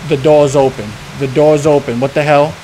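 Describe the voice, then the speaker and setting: A man's voice: on the high side, level tone, normal speed, warm tone. A young man talks through a horror game. He is jumpy, swears a lot and scolds an unseen baby as if he were its parent. A faint hiss sits under the voice. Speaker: gaming YouTuber.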